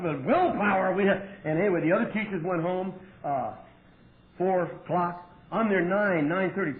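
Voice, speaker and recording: A man telling his story at a recovery meeting, wry and profane, with sudden loud outbursts. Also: sits high. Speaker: AA meeting speaker. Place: meeting hall with audience. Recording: tinny lo-fi 1988 tape with faint hiss.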